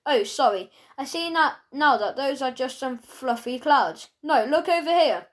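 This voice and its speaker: A woman's voice: high voice, animated, unhurried. A woman voicing a fussy, absent-minded male schoolteacher who talks in a flustered way.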